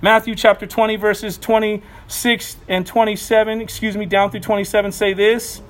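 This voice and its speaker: A pastor delivering a sermon in a conversational, playful way, with asides and quick laughs. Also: male voice, sits high, flat delivery.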